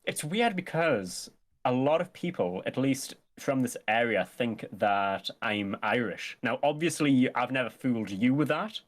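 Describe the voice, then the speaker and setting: A man's voice: mid-range voice, measured pace. A man, a guest in casual comedy chat, joking and laughing often. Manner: animated, jokey, laughs a lot.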